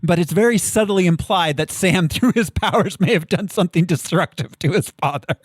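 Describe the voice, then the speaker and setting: A young man co-hosting a podcast, chatting casually about a film, laughing often and pausing on fillers. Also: high-pitched, breathy edge, no echo, studio quality. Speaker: podcast co-host. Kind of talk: casual chat recapping a film.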